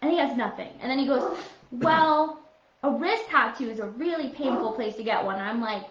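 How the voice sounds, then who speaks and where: A woman in her thirties co-hosting a podcast, chatting in an animated, self-mocking way. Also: on the high side, fairly quick. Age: 30s. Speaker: podcast co-host. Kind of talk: casual chat. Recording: echoey room, dull lo-fi sound.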